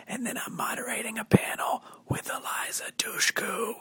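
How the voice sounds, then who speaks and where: A man's voice: on the high side, bright, forceful tone, slightly rough, dry recording. A man hosting a podcast, whispering his intro in a hotel room so he does not wake the neighbours, with wry asides along the way. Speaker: podcast host.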